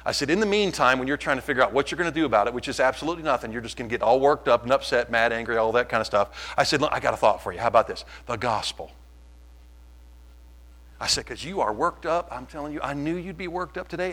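A man preaching a sermon, impassioned and swinging from quiet to loud. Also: mid-range voice, poor audio. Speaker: pastor.

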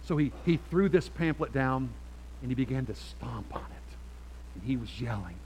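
A man preaching a sermon to a church congregation, switching between forceful appeals and quiet storytelling. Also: medium pitch, lively intonation, normal speed, husky, rough recording. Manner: emphatic, swings from loud exhortation to quiet storytelling. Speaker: pastor.

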